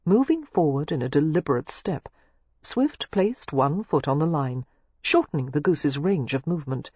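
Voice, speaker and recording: An audiobook narrator reads a novel with lively, rising and falling pitch. The voice has a husky edge. The recording is dull and lo-fi, with a close, dry sound. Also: normal speed, dry recording. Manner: expressive, shifting pitch through the narration.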